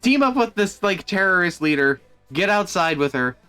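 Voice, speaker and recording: A man streaming and chatting casually, in an animated, exasperated way with plenty of swearing. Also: sits high, moderate pace, smooth, faint music behind. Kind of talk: casual chat.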